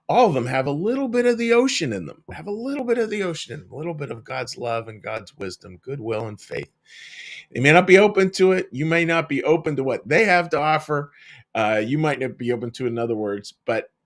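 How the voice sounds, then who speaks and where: A middle-aged male minister gives a gentle, conversational devotional reflection in an ordinary middle pitch. He often restarts mid-thought and warmly calls his listeners folks. He is recorded indoors in a small cabin room. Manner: frequent restarts and searching for words. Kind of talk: daily devotional reflection to camera.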